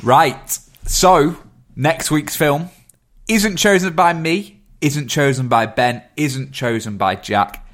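A man's voice: a little high, slow, fairly bright tone. A man, co-hosting a film podcast in casual chat and announcing results. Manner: upbeat, announcing. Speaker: podcast co-host.

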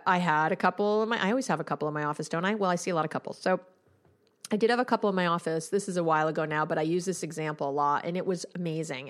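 A woman, a couples therapist, hosting an advice podcast in a candid, conversational and emphatic way. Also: lowish voice.

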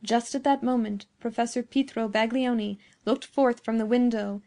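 A woman narrating a classic story as an audiobook, in a measured, expressive way. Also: on the high side. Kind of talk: scripted narration of classic fiction.

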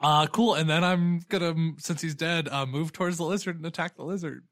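A man's voice: on the high side, steady tone, fairly quick, a bit bright. A man playing in a tabletop game, adding up dice aloud with lots of hesitant fillers. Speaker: player. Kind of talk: casual tabletop game chat.

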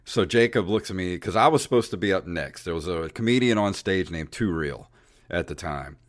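A man's voice: low-pitched, fairly quick. A man co-hosting a podcast, telling a long anecdote in casual chat and acting out the people in it. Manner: animated, acts out voices in anecdotes. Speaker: podcast co-host. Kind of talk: casual storytelling.

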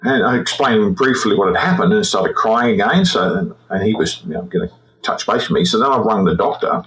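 Halting older Australian man. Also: on the low side, a bit bright, rough recording. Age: 60s. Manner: halting, repeats words as he recounts. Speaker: guest, retired forensic examiner. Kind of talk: personal storytelling in an interview.

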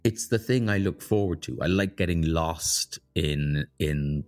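A middle-aged man from Ireland, a guest author chatting in an interview, self-mocking and animated with big jumps in pitch. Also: a little slow. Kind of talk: casual interview chat.

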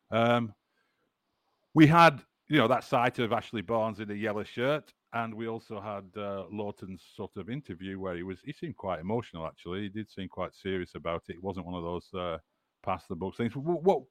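A man's voice: fairly low pitch, no room sound. A man from the Burnley area with a northern English accent, hosting a casual football podcast and chatting with frequent restarts. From Burnley area, northern England. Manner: chatty, restarts words often. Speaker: podcast host.

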